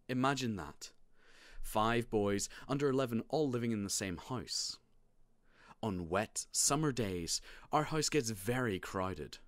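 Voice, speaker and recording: A man narrating a children's storybook in the first person, wry and animated. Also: medium pitch, no echo. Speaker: audiobook narrator.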